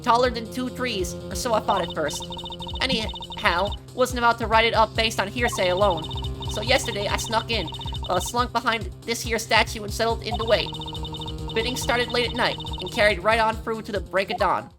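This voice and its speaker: A woman voicing a brash, folksy young woman photographer with a put-on Southern drawl, pitched above her own voice. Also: normal speed, over music, lightly acted. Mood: chatty. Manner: chatty, folksy, higher than her own voice. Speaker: game voice-over player.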